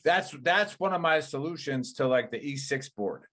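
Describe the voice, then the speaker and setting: A man's voice: a little high, lively intonation, normal speed, fairly bright tone. A man hosting a casual veterans' podcast, talking in a rambling, profane way with many fillers and restarts. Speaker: podcast host.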